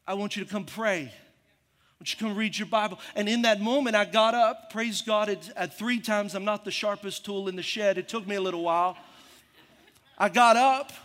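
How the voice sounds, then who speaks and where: A middle-aged man preaching a sermon as a pastor. He tells stories with animated delivery and acts out the voices in them. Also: sits high. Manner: animated storytelling, acting out voices. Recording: long reverb of a hall.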